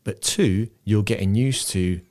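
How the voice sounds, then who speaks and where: Man, low pitch, podcast host, casual chat, explanatory, frequent restarts. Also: measured pace, darkish tone.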